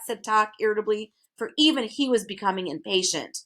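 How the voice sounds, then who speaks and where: A woman reading a children's storybook aloud in an expressive way. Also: mid-range voice, brisk, hardly any pauses. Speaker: reader.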